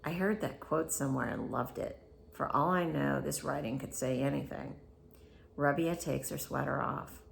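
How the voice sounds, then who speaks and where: Woman, deep voice full of vocal fry, soft bedtime reading, slips into whispers. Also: normal speed, a little hiss or hum. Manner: soft-spoken, sometimes dropping to a whisper. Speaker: reader of a book aloud. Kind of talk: casual bedtime book reading.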